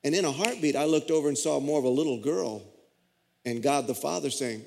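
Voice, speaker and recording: A man's voice: on the high side, a little fast, gravelly, a little mellow. A middle-aged man, a pastor preaching a sermon and telling a story with folksy, self-deprecating humor. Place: church sanctuary. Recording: long church reverb.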